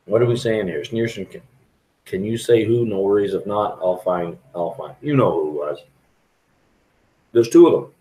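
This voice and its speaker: Deep-voiced man chatting on a live stream. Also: moderate pace, pauses often, warm tone, poor audio. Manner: rambling, frank, chatty with viewers. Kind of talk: casual live stream chat. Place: restaurant.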